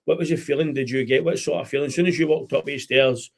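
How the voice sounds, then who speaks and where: A man's voice: medium pitch, steady tone, fast. A young Scottish man hosting a podcast, telling rambling football stories in casual chat and laughing often. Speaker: podcast host.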